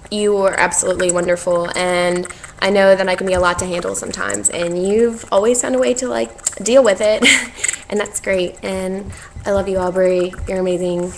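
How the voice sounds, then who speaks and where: A woman's voice: medium pitch, a bit bright, a little hiss or hum, low-quality recording. A young woman, recording a heartfelt thank-you vlog, talking in a gushing, affectionate, rambling way with frequent little laughs. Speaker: vlogger.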